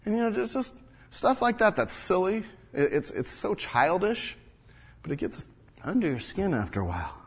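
Here a man uses a high voice with big swings in pitch, a husky texture, and a moderate pace, fully committed to a character voice. The role is an earnest, indignant father and wall-builder from ancient Jerusalem telling his own story in a first-person biblical monologue, tripping over repeated words.

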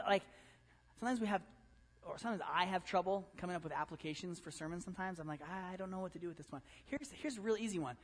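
A man pastor giving a conversational, animated sermon, full of rhetorical questions. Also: high voice, long reverb tail.

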